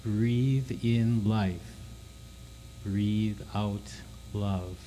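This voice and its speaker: Man, worship leader for guided meditation; very slow, dark mellow tone, faint hiss. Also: lowish voice, poor audio. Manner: slow, calm, soothing delivery.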